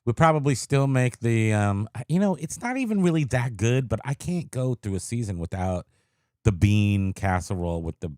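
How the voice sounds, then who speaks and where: A man's voice: mid-range voice, normal speed, no room sound, studio quality. Sleepy, joking male podcast co-host. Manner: joking, deadpan. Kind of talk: casual chat.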